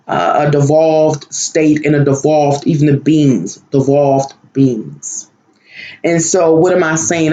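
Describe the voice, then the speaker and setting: A man's voice: a little high, vocal fry, darkish tone, reverberant, dull audio. A man telling of a dream in an emotional, searching monologue, often repeating himself and trailing off. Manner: emotional, searching, repetitive, halting. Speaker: spiritual vlogger. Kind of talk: personal monologue about a dream.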